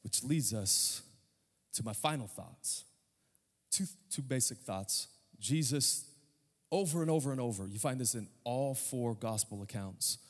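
A man's voice: mid-range voice, measured pace. A man preaching a sermon in a church, talking casually with humor, then rising to fervent passages. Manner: conversational preaching with humor, swinging from quiet to fervent. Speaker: pastor. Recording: church hall with long reverb.

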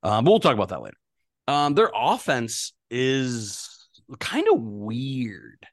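Male podcast co-host, animated pitch, dry close mic, casual stats talk. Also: slow, no room sound. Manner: conversational, stats-heavy, many fillers. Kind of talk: casual sports podcast chat.

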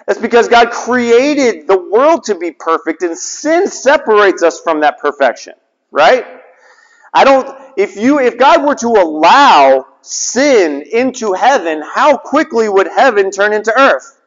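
Guy preaching, kinda high voice, asks the crowd questions and repeats himself, muffled lo-fi sound. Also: big pitch swings, measured pace. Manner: rhetorical questions to the listeners; repetition for emphasis. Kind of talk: sermon. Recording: dull lo-fi sound with long reverb.

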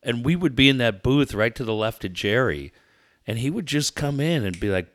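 A male sports broadcaster tells chatty, laughing anecdotes in casual talk. His pitch moves a lot as he goes. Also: animated, normal speed, a bit bright.

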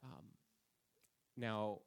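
A man's voice: lowish voice, drawn-out words, vocal fry, clean tone. A man preaching a conversational sermon at a church service, telling anecdotes about himself. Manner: casual, self-deprecating, anecdotal. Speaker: pastor.

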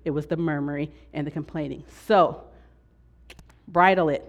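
Woman teaching at church, lively, acts out whiny complaints, keeps asking "right?". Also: deep voice, normal speed, dull audio. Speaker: pastor teaching a class.

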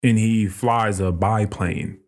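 A man hosting a podcast, retelling a book in casual, animated chat with plenty of swearing. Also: on the low side, slow. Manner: animated, profane storytelling. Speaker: podcast host.

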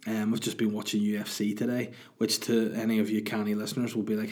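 A man's voice: on the low side, monotone, fast, darkish tone. A man, rambling chattily as a solo podcast host. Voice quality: husky. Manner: rambling, self-deprecating, chatty. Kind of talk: casual solo podcast chat.

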